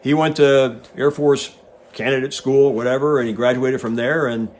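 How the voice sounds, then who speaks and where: A man's voice: mid-range voice, normal speed. Casting: man, 60s, ex-pilot host spinning a casual yarn in an average, mid-range voice. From United States. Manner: animated storyteller who acts out quoted dialogue. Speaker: guest host, retired Navy pilot. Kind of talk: casual anecdote telling.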